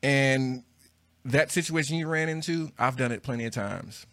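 A man's voice: medium pitch, moderate pace, a bit bright. A young man co-hosting a podcast, laid-back and articulate, chatting casually and swearing freely. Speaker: podcast co-host.

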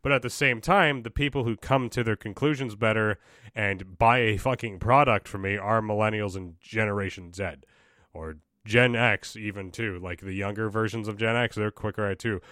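A man's voice: fairly low pitch, normal speed, bright, forceful tone, dry recording, studio quality. A young man hosting a solo podcast, ranting casually with profanity, exasperation and frequent restarts. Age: young adult. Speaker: podcast host.

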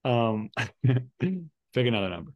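A man's voice: medium pitch, slow, dull audio. A man co-hosting a casual podcast, reading trivia questions aloud and hesitating often with fillers. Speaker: podcast co-host.

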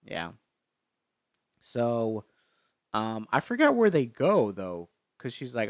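A man chatting casually as he retells a movie, rambling and stopping often to restart his sentences. His voice is smooth and clean. The sound is close and dry, with no room echo. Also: on the low side, sing-song, a little slow. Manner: rambling retelling with many fillers. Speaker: movie recap co-host. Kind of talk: casual chat.

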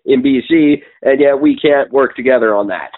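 A man's voice: mid-range voice, normal speed. A Canadian man co-hosting a podcast, talking politics in an opinionated, profane, rambling way with many ums. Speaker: podcast co-host. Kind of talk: casual political chat. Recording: tinny phone-like sound.

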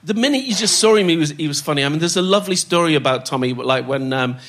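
An older man spins stories as a podcast guest. His voice sits a little high, and he laughs his way through the tales while putting on the voices of the people in them. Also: lively intonation, fast talker, a bit bright, a little hiss or hum. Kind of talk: anecdotal storytelling.

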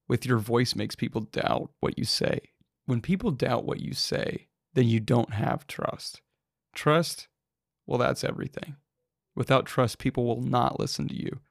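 A male podcast host delivers scripted tips in a measured, declarative way. His voice is gravelly with vocal fry and sits in an ordinary middle pitch. The sound is dry and close, with faint music underneath. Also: darkish tone, no room sound.

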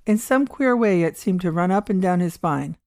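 A woman reading a short story aloud in a measured, even storytelling manner. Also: fairly low pitch, dry recording, clean studio sound. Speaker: audiobook reader. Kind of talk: storytelling narration.

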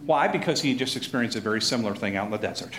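A man teaching a Bible passage in a conversational way, animated and chuckling as he acts out the crowd. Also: lowish voice, very fast. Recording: echoey room with faint noise.

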